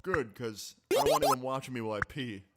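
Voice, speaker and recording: A man's voice: mid-range voice, expressive, fast talker, very noisy, close to an everyday voice. A man voicing a blunt, matter-of-fact very old man.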